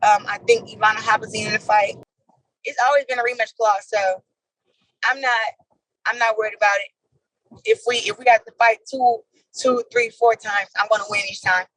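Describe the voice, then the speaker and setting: A woman with a high voice chats casually as an interview guest. She tells animated stories and laughs easily as she goes. Her voice is recorded close and dry, with no room echo. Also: normal speed.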